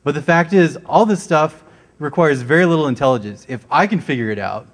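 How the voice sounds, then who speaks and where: A man's voice: on the high side, expressive, fairly quick. A man giving a talk at a security conference in a casual way, often checking in with the audience with "right?". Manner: casual, keeps asking "right?". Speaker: conference presenter. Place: conference stage.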